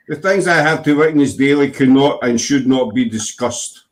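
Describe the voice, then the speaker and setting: A man's voice: medium pitch, moderate pace. A Scottish man hosting a casual chat, joking and bantering and laughing often. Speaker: host.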